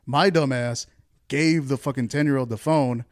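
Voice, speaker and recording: A man telling a story in casual chat, animated and swearing freely. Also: medium pitch, normal speed, dry recording, clean studio sound.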